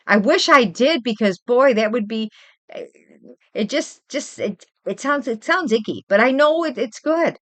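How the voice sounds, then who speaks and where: An older woman and grandmother hosting a casual livestream chat, rambling and animated as she tells stories from home. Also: fairly high pitch, a little slow, dry recording. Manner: chatty, rambling, animated storytelling. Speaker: livestream host.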